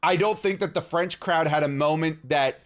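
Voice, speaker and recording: A man's voice: fairly high pitch, normal speed, fairly bright tone. A man from Canada co-hosting a podcast, talking in a playful, jokey way. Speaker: podcast co-host. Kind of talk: casual chat.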